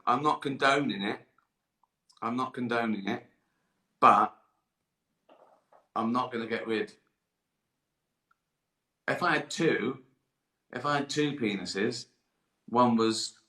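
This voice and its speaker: Male comic host, tired and giggly, bright voice, roomy echo. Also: medium pitch. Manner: giggling, swearing, deadpan asides. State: hot and tired. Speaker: comedian hosting a live stream. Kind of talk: rambling comic monologue. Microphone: live-stream camera mic.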